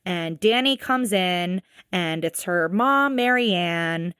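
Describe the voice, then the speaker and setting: A woman co-hosting a podcast, recapping a show in casual chat, animated and swearing freely. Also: on the low side, takes it slowly, clear, resonant tone, no room sound, studio quality. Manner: animated, swearing, acts out quotes. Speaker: podcast co-host.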